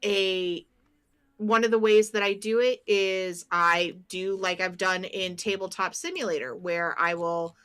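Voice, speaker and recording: A woman's voice: medium pitch, steady tone, a little slow, a bit bright, clean tone. A woman co-hosting a casual stream, explaining tarot practice with frequent ums. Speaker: tarot reader and co-host. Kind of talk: casual chat.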